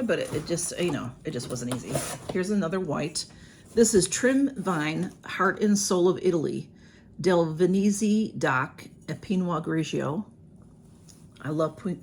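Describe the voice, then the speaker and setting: Lady rambling thru an unboxing at home, low gravelly voice, noisy room. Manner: chatty, rambling, many ums and restarts. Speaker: vlogger. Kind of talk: casual unboxing chat. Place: home room with a ring light.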